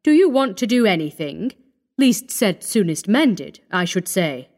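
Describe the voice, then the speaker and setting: A woman's voice: mid-range voice, big pitch swings, measured pace, a little mellow. A woman voicing a cool, sneering young male doctor with a dismissive, worldly manner.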